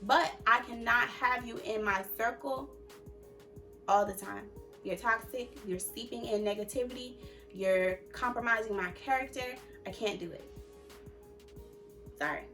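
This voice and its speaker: A young woman hosts a casual talk show and lays out her advice with emphatic, preachy repetition. Her voice is bright and sits a bit high, and soft music plays behind her. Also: measured pace, long pauses. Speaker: host.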